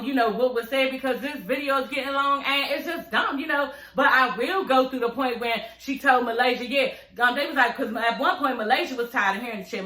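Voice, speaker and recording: High, bright, profane woman recapping. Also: roomy sound. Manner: blunt, profane, laughing, repeats "you know what I'm saying". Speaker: reality TV recap vlogger. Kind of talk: casual reality show recap rant.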